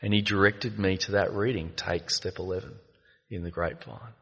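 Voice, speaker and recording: A man giving a reflective personal share at a recovery meeting, telling stories with many halting fillers. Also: low-pitched, steady tone, fairly bright tone, breathy edge, muffled recording. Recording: long echo of a meeting hall.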